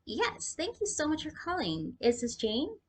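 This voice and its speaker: A bright, overly sweet young customer service girl with a Valley girl accent chirps through a phone call, as a woman puts her on. Her voice sits high and bounces up and down. She sounds eager to please. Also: wildly swooping pitch, a little slow, heavily acted. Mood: cheery.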